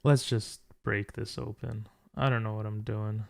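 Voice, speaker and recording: A man's voice: on the low side, flat delivery, measured pace, creaky. A tired, frustrated man commentating his own chess game, thinking aloud and talking to viewers. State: tired from little sleep. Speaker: chess streamer.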